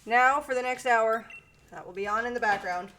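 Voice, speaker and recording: A woman streaming, chatting casually with her viewers and breaking off to yell at her cat. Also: on the high side, moderate pace. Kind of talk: casual live-stream chat. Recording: distant mic with noise.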